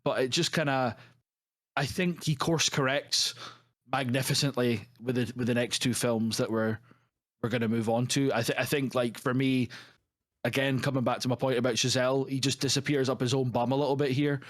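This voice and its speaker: A man co-hosting a film podcast, rambling and hedging as he works through his opinions. His voice is mid-pitched. It is recorded dry and close, with no room sound. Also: flat delivery, moderate pace, dry recording. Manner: rambling, hedging with many restarts. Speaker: podcast co-host. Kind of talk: casual film discussion.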